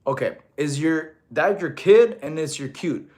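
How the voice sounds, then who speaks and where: His voice runs a little high and a little mellow, animated yet a touch slow. He's a fitness coach from Russia in his thirties, casually chatting with livestream viewers about their comments while catching his breath after exercise.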